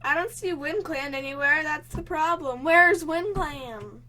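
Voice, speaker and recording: A woman's voice: sits high, unhurried. A young woman giving let's play commentary on a game, reacting with gasps and panicky exclamations. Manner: excitable, gasping, panicky exclamations. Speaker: gaming channel host.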